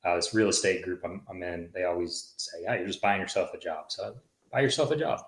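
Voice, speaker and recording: A man's voice: low-pitched, brisk, fairly bright tone. A man, a podcast guest, making laid-back, offhand asides in casual chat. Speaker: podcast guest, business partner. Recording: echoey room.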